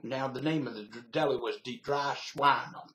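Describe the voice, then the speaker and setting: A man's voice: mid-range voice, normal speed, fairly bright tone. An older man from Virginia with a Southern accent, rambling casually as he tells a story to his webcam and laughing at his own memories. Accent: Southern American (Virginia). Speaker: vlogger telling a story. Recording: echoey room via webcam.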